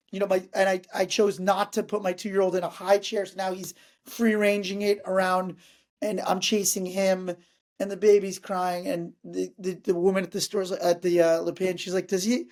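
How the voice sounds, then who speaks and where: A man in his thirties, a comedian guest, telling a story in casual chat with lots of energy. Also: high-pitched. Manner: energetic, acts out other people's lines.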